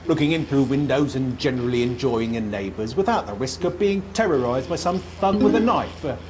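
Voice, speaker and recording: An actor playing a pompous, bigoted older studio pundit over a noisy line. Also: male voice, mid-range voice, expressive, fairly quick, a little mellow, lightly acted. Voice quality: pompous, self-assured.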